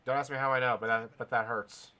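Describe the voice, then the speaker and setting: A male host calls wrestling action in a loose, casual play-by-play. He gets excited easily and swears without a second thought. He often turns to address his chat and the audience directly. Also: medium pitch, quick pace. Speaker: wrestling commentator hosting a recap stream.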